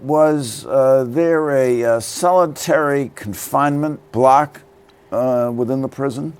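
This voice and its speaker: A man's voice: mid-range voice, slow pace, a little mellow, clear, resonant tone. An older man hosting a studio interview, asking long questions with many hesitant fillers. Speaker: interviewer, show host.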